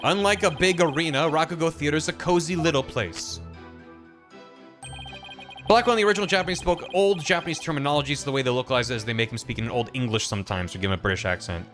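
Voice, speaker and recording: A man's voice: fairly high pitch, fairly bright tone. Joking male streamer over game music. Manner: joking, quick asides. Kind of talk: casual game commentary.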